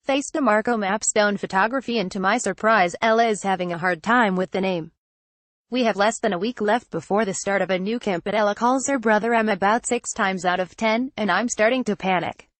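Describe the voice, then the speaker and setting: A woman reads a memoir excerpt aloud in a steady, measured way, keeping quoted lines close to her narrating voice. Her pitch sits in a middle range. The recording is close and dry, with no room sound. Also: no echo.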